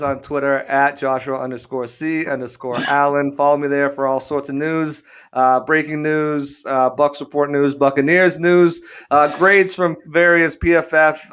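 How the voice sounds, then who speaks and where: An upbeat man chats on a casual sports podcast, his voice a little high and smooth. He rambles through plugs with easygoing fillers. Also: fairly bright tone. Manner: upbeat, self-promoting sign-off with many "uh" fillers. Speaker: podcast co-host.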